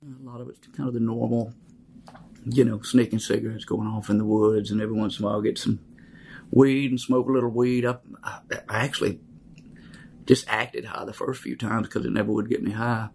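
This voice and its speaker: A man, telling his life story in a halting, reflective way with many fillers. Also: mid-range voice, flat delivery, creaky, a little mellow, slight background noise. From Mississippi, USA.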